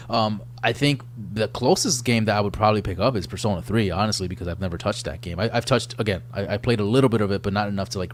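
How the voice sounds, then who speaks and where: A man in his thirties co-hosting a gaming podcast, talking in a relaxed, rambling way with lots of fillers. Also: low-pitched, a little hiss or hum. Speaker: podcast co-host. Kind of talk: casual chat.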